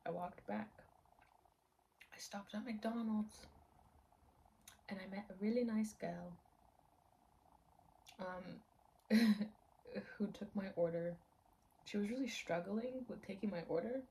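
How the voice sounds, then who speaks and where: Gravelly young woman vlogging casually. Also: mid-range voice, slow pace, pauses often, mellow, low-quality recording. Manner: rambling, laughs often, drops to half-whispers. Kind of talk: casual chat to camera. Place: at home.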